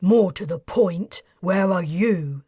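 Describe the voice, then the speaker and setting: A woman voicing a furtive, smug male ex-financier in an audiobook, speaking low and insistent. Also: slow, dark tone, husky, dry recording, clean studio sound.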